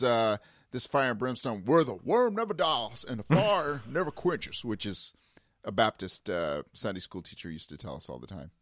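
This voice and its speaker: A man chatting in a relaxed conversation, his pitch rising and falling freely as he tells stories. The recording is dry and close, with little room sound. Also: no echo. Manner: animated storyteller, mimics a Texas preacher. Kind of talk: casual conversation.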